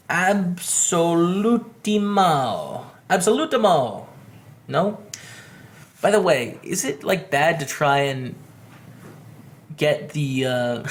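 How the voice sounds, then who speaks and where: Streaming live, a man with a Canadian English accent and a slightly high voice offers upbeat, chatty commentary on his poker hands. He greets his viewers by name as he plays.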